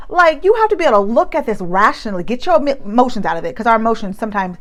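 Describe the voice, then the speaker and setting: A woman's voice: fairly high pitch, sing-song, racing, hardly any pauses, a bit bright. Chatty woman giving frank advice. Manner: chatty, emphatic, many fillers and restarts. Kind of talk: casual talk to camera.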